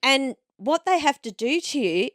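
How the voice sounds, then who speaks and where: A woman's voice: sits high, animated, unhurried, a bit bright, dry recording, clean studio sound. A woman co-hosting a podcast, chatting casually and drifting off on tangents while she tells a story. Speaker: podcast co-host. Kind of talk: casual chat. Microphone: studio microphone.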